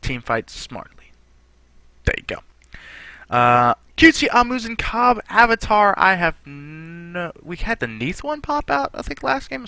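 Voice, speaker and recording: A man's voice: fairly high pitch, sharp tone, smooth, no echo. A young man chatting casually through game patch notes, rambling with lots of fillers. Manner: rambling, filler-heavy, conversational. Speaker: gaming channel host.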